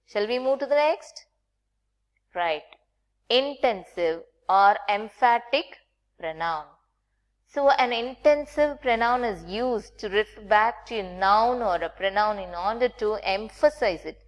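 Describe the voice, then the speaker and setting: Slow, patient woman teaching grammar. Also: mid-range voice, animated. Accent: Indian English. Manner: slow, patient, checks in with "right?" often. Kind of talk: recorded grammar lesson.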